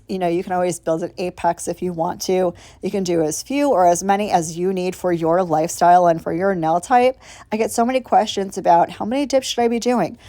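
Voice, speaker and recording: This woman has a warm, mid-range voice, heard in a dry recording. As a nail vlogger narrating a tutorial in a voiceover recorded apart from the footage, she keeps things casual and chatty, gushing and dropping swear words as she goes step by step.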